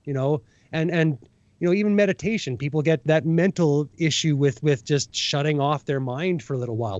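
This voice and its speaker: A man talks through a casual podcast discussion with a slightly higher voice, tossing in "right?" and "you know" and playing out little scenes as he goes. The recording is dry and a bit muffled, as if the top end has been cut. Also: fairly quick, a little mellow, no room sound. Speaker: podcast co-host.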